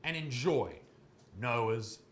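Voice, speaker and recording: A man's voice: medium pitch, animated, extremely slow. A man narrating a commentary video in a sardonic, swearing way. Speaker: comedian in a video being reacted to.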